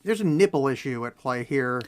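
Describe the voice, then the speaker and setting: A man's voice: medium pitch, lively intonation, normal speed. A man co-hosting a podcast, trading playful, teasing banter in a casual film-review chat. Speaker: podcast co-host.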